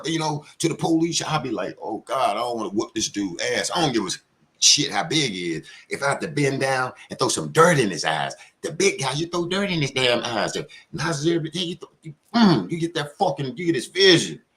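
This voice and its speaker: Angry profane man ranting on a live show. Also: a little high. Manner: angry, profane, animated, mocking with put-on quotes. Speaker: commentary show host. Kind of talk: heated live commentary rant.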